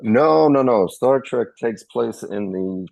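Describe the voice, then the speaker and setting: A man's voice: mid-range voice, expressive, takes it slowly, creaky, a little mellow, no room sound, low-quality recording. A man in casual group chat, eagerly explaining fan trivia with filler ums. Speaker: regular panelist.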